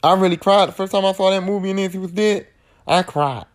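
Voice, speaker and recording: A man's voice: sits high, quick pace. A man hosting a podcast, recapping horror movies in a slangy, profane, rambling way. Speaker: podcast host.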